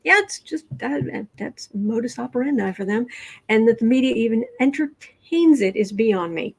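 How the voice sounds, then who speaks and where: Livestream host, woman, chatty and quick with asides, voice sitting a bit high. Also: lively intonation, slightly rough. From Midwestern United States. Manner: chatty, quick asides, reads viewer comments aloud. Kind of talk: casual livestream chat reading cards and comments.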